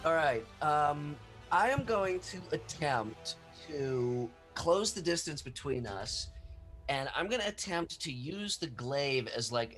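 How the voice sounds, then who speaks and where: A man's voice: mid-range voice, a bit bright, low-quality recording. A man playing a tabletop role-playing game, eagerly describing his character's moves in detail. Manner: eager, descriptive, occasional laughs. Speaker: player.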